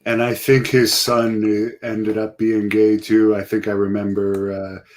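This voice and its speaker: Male host, level monotone delivery, reading audience questions casually. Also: fairly low pitch, measured pace. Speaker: show host.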